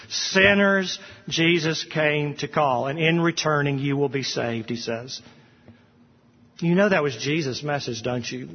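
A man's voice: on the high side, a little slow. Impassioned male preacher in an echoing church. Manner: impassioned preaching, rising for quoted scripture. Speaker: pastor. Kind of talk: sermon. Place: church sanctuary. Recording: dull sound with long hall reverb.

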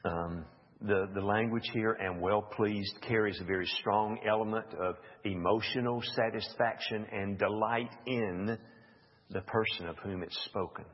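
A man's voice: lowish voice, fairly even intonation, husky. A man leading an informal Bible study, musing aloud and reading passages with off-the-cuff asides. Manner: slow, musing, reads scripture aloud with asides. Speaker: Bible teacher. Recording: dull lo-fi recording with long hall reverb.

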